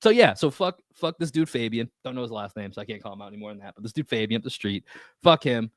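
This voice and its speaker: A man's voice: medium pitch, expressive, quick pace, no echo. A man co-hosting a podcast, telling a story in casual chat, acting out quotes and swearing freely. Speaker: podcast co-host.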